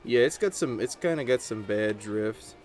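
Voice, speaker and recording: A man's voice: medium pitch, animated, moderate pace, a little mellow, faint music behind. A man giving casual gameplay commentary, rambling and chatty as he tells stories while he plays. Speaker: gaming channel host.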